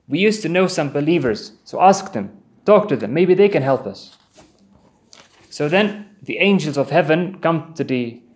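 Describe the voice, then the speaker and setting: A man giving an earnest Islamic sermon, telling vivid stories and reciting Quran verses in Arabic. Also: on the high side. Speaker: preacher.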